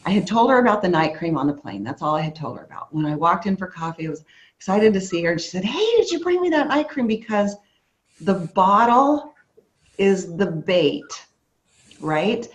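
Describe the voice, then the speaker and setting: A woman's voice: fairly low pitch, animated, moderate pace. A woman speaking at a sales training event, telling a story and acting out quoted dialogue with energy. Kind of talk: motivational sales training talk.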